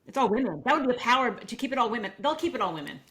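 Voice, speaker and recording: A woman's voice: on the high side, sing-song, very fast, a bit bright. A woman co-hosting a podcast, eagerly sharing theories and repeating her points. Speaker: podcast co-host. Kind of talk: casual chat about reality TV.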